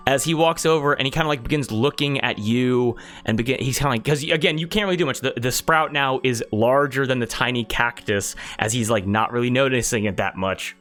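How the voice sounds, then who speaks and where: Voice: mid-range voice, brisk, hardly any pauses, a bit bright, soft background music. A game master narrating a tabletop game in a casual way, full of "like" and "kinda". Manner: casual, lots of likes and kindas.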